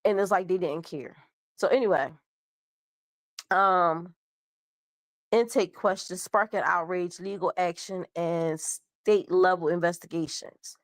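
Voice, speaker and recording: A woman's voice: lowish voice, slow, long pauses, no room sound. A young woman host with a cold, stuffed up, casually reading out a news story and stumbling over words. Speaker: show host.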